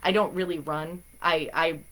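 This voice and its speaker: A woman's voice: sits low, steady tone, normal speed, fairly bright tone. A woman chatting in a bubbly, rambling way as she hosts a live stream of spiritual guidance. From Massachusetts. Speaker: spiritual reader and stream host.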